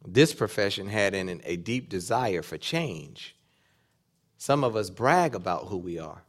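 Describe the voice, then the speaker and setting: Man preaching an animated sermon. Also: fairly low pitch, measured pace. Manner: animated preaching, acting out quoted dialogue. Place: church or conference hall.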